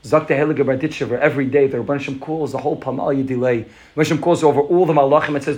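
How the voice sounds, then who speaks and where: Fast-talking man giving a fervent talk. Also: medium pitch, steady tone, a little mellow. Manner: fervent storytelling with repeated words and restarts. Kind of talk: Hasidic farbrengen talk.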